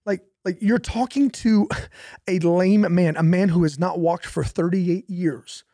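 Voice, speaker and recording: A man's voice: high-pitched, unhurried, mellow, no room sound, studio quality. A young man, a pastor, talking casually about faith, telling stories animatedly with laughs and repetition.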